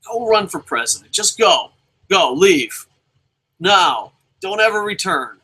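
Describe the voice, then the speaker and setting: A young man giving a casual, profane review of a wrestling show, animated and mocking. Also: sits high, takes it slowly, breathy edge, low-quality recording. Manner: profane, animated, mocking with shouted put-on voices.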